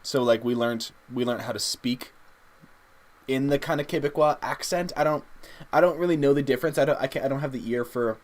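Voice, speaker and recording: A young man, chatting casually and haltingly with viewers while drawing on a livestream. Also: medium pitch. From Canada. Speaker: streamer drawing live.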